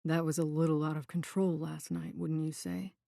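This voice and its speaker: A cagey, slender man, as a woman reader puts him on in an audiobook, speaking in a hushed, breathy murmur. He is evasive and low-key. The voice sits lower than the reader's own and is recorded dry, with no room sound. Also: level tone, moderate pace, no echo.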